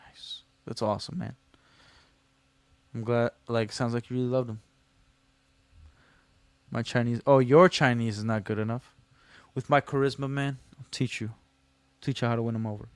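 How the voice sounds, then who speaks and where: A male livestream host chats casually and jokes with his viewers. His voice is smooth and clear at a middling pitch. The sound is dry and close, with no room echo. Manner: reads chat messages aloud and answers them, joking and teasing; slangy, loose delivery with many fillers.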